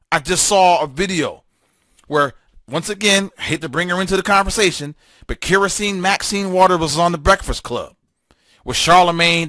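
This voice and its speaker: A man's voice: fairly high pitch, pushed and bright, no echo, clean studio sound. A man hosting a political talk show, delivering a fiery, emphatic solo monologue full of repetition and stammered restarts.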